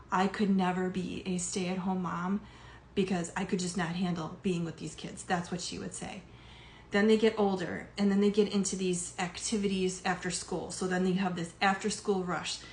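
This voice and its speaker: A middle-aged woman, a life coach, talking casually to her audience with lots of fillers and some emotion. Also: medium pitch. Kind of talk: casual monologue to camera. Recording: echoey room with faint background noise.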